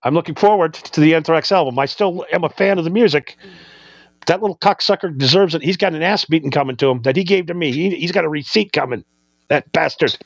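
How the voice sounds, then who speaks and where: A man's voice: a little high, quick pace, no room sound. Profane, heated man telling a story. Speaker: podcast co-host. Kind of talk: casual chat. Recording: dull lo-fi sound, dry.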